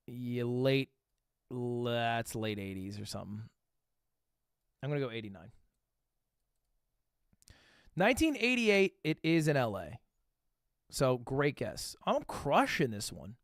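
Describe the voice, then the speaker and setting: Lively, swearing streamer thinking out loud. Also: male voice, mid-range voice, no echo, clean studio sound. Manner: thinks aloud, swears casually, quick self-mocking asides. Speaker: livestreamer. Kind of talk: casual livestream commentary while playing a guessing game.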